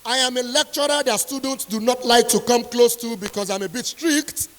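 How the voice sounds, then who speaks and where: A woman's voice: on the high side, normal speed. A woman delivers a motivational speech as a strict university lecturer. She is emphatic and repeats her key points for weight. Her voice rings with the long reverb of a large hall.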